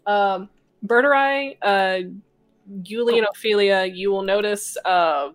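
A woman's voice: medium pitch, a little slow. A woman running a tabletop game as game master, chatty, with many fillers and frequent laughs. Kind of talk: narrating a tabletop game, casual.

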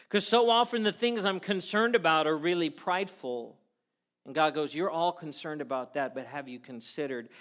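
Slightly high-voiced preaching man. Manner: earnest, quotes prayers and scripture with sudden soft drops. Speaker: pastor. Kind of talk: sermon.

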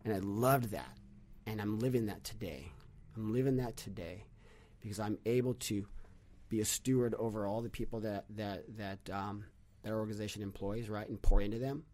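A man telling stories on a podcast in a casual, animated way, acting out quotes and restarting his sentences often. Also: fairly low pitch, moderate pace. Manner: animated storyteller with many restarts, acts out quotes. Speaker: podcast guest, business leader. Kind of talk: casual conversational storytelling.

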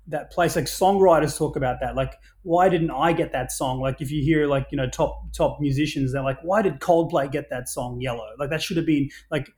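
A man telling stories in a casual podcast chat, energetic, swearing freely and restarting often. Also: on the high side, normal speed, few pauses.

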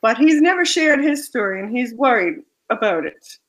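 A woman author reading her own romance fiction aloud in a soft, measured way, then chatting about the story. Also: on the high side, very animated, rough recording.

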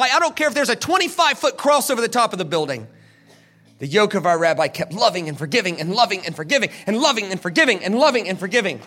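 A man preaching a sermon, telling a story with dramatic, animated delivery and shouted peaks. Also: sits high, fast.

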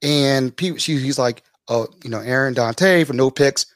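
A man, a podcast host telling stories as a guest, lively and acting out the people he quotes. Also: a little slow, dry recording, studio quality. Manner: animated, acts out quoted people with big pitch jumps. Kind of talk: casual storytelling in an interview.

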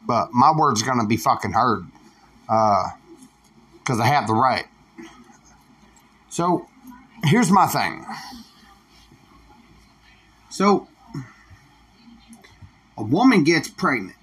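A man's voice: medium pitch, very animated, takes it slowly, pauses often, a bit bright, husky. A man hosting a solo podcast, ranting bluntly with heavy swearing. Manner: profane, blunt, defiant. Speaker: podcast host. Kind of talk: solo opinion rant.

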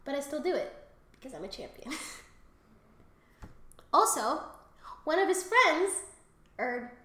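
A woman with a slightly high voice chats casually on a podcast, rambling through crude stories with plenty of fillers and laughter. She coughs now and then from a recent cold, and the room around her rings with echo. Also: big pitch swings, a little slow, pushed and bright, slight background noise. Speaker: podcast co-host. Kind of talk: casual chat.

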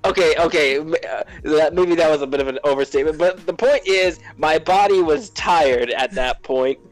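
A man's voice: a little high, moderate pace. A young man co-hosting a casual podcast, rambling through a story with many fillers and self-mocking asides. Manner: rambling, heavy on "like" and "to which". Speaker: podcast co-host. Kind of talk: casual chat.

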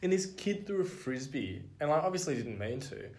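A woman's voice: low-pitched, sing-song, normal speed, warm tone. Laughing, rambling Australian woman. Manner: laughs often, rambling storytelling. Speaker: podcast co-host. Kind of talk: casual chat.

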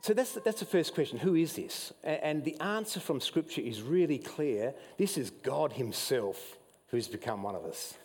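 Animated Australian preacher in a reverberant hall. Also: male voice, moderate pace, slightly rough. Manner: animated storytelling preacher, rising pitch when excited, admits getting emotional. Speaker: pastor. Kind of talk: sermon. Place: church hall.

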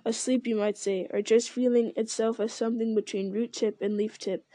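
A woman reading a novel aloud in a steady, unhurried storytelling manner. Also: on the high side, no room sound. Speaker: reader.

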